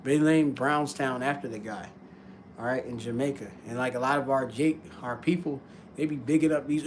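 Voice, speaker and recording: A man's voice: a little high, moderate pace, darkish tone, a little hiss or hum. A man hosting a live stream, giving loose, slangy, rambling commentary. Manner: loose slangy talk, laughs often.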